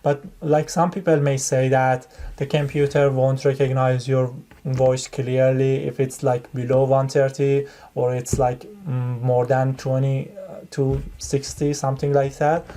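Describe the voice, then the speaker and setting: A man's voice: medium pitch, level tone, measured pace, mellow. A man giving a casual spoken tutorial on exam speaking, rambling and conversational as he explains. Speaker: test-prep tutor.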